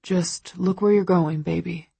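A woman voicing a controlling young husband who stays quiet and measured while tense underneath. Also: lowish voice, little pitch movement, husky, no room sound. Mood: calm, guarded.

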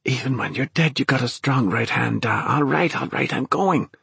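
A man's voice: medium pitch, normal speed, gravelly, a bit bright, breathy edge, dry recording, pitched above the performer's own voice, heavily acted. A man voicing a timid young servant boy, pleading and panicky, in a storybook reading. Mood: frightened.

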